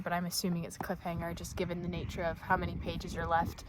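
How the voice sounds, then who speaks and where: Young woman, breathless, rambling casual vlog chat, outdoor phone recording, clear background noise. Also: lowish voice, monotone, fast. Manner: rambling, chatty, self-deprecating. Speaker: book vlogger. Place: outdoors in grassy countryside.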